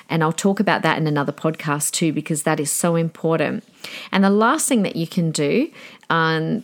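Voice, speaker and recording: An Australian woman in her forties talks through her podcast in a loose, chatty way. Her voice sits a little low for a woman. She rambles earnestly from one thought to the next. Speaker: podcast host. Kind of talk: casual solo podcast talk.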